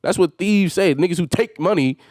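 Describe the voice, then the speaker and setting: A man's voice: sits high, brisk, darkish tone, no echo, studio quality. A man hosting a solo podcast, venting in a heated and exasperated way with emphatic swearing. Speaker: podcast host.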